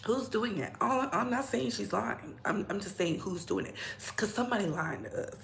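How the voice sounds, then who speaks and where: A woman's voice: mid-range voice, very animated, normal speed, vocal fry, fairly bright tone, echoey room, slight background noise. A young adult woman hosting casual celebrity gossip commentary, repeating herself and dropping into whispers. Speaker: gossip show host.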